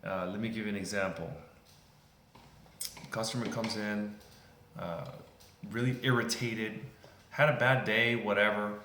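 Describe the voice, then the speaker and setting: A man's voice: fairly low pitch, steady tone, a little slow, pauses often, sharp tone, a little hiss or hum. A man giving a casual, earnest motivational talk in a conversational way, often circling back with the same phrases. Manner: conversational, earnest, repeats "you know what". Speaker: motivational speaker. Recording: roomy echo.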